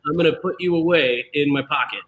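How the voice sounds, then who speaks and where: A man's voice: fairly high pitch, fast, a loud crowd, rough recording. A man hosting a casual live-stream chat over a video call, joking and ribbing his co-hosts. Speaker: host.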